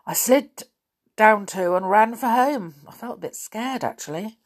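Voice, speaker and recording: Woman voicing an eager schoolboy, husky, excited, storybook reading. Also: medium pitch, takes it slowly, pitched above the performer's own voice. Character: eager schoolboy telling his news.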